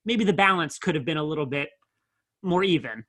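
A man co-hosting a casual film review, talking in a measured, analytical way with wry asides. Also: a little high, lively intonation, fairly bright tone, dry recording.

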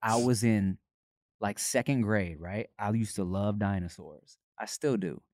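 A man's voice: on the low side, measured pace, a little mellow, no room sound, studio quality. A man co-hosting a podcast, telling loose, filler-heavy stories in casual chat. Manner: rambling storyteller, many fillers, laughs often. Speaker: podcast co-host.

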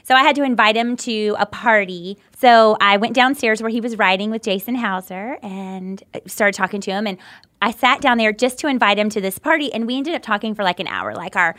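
A woman as an interview guest, telling a personal story in a lively, chatty way. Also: mid-range voice, fairly quick. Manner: lively, chatty, many fillers. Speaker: guest telling how she met her husband. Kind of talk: casual storytelling.

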